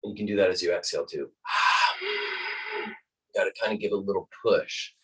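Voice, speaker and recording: A man teaching a guided breathing lesson, calm and instructive, demonstrating each breath aloud. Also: sits low, a little fast, slightly rough, far from the mic, low-quality recording.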